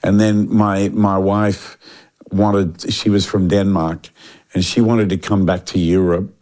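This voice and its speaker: An older Australian man in a relaxed interview, his voice sitting a little low. He tells long stories with restarts and lively quoted voices. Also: slow pace. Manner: animated storyteller, acts out quoted voices, frequent restarts. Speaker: guest musician.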